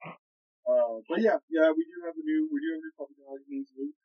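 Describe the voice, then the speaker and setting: A man co-hosting a casual podcast chat, telling an animated story and acting out both sides of a quarrel. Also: on the high side, a little fast. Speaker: podcast co-host. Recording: slightly muffled lo-fi recording.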